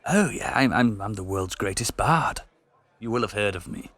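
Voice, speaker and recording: A man's voice: on the low side, expressive, normal speed, fairly bright tone, no room sound. A man voicing a boastful, showy male bard in a tabletop game, drawling his lines.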